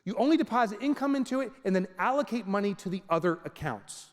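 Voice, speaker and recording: A man's voice: high-pitched, fast talker. A man giving a comedic motivational talk to a live audience, telling stories and acting out scenes. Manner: animated storytelling, acts out scenes. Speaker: keynote speaker. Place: large venue with audience. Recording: reverberant hall.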